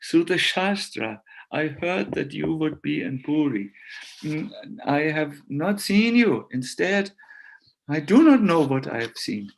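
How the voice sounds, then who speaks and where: A man's voice: a little high, expressive, slow pace, vocal fry, voice pushed up, heavily acted, rough recording. A man voicing a grief-stricken male devotee who pleads with his lord in tears. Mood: anguished. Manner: tearful, pleading.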